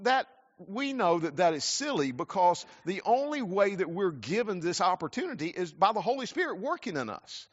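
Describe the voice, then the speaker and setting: A man's voice: sits high, sing-song, normal speed. A man from South Carolina, preaching a sermon earnestly, often repeating words as he restarts. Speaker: pastor. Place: church sanctuary. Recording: muffled church hall with long reverb.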